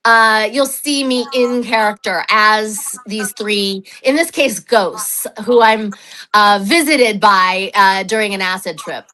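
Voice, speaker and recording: A woman's voice: a little high, bright, forceful tone, rough recording. A woman from New Mexico talking casually in an interview about her solo stage show, chatty and self-deprecating, with frequent fillers. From New Mexico, USA.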